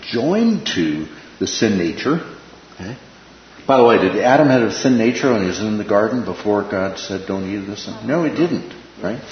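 A man with a lowish voice teaching a relaxed Bible study, often stopping to ask "right?" and repeating key phrases. He is recorded in an echoey room with dull, lo-fi sound and a faint hiss behind him. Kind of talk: informal Bible class teaching.

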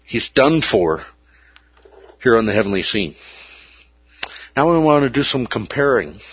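A man's voice: lowish voice, breathy edge, dry recording, highs cut off. A man preaching a sermon, emphatic and repeating key words for weight.

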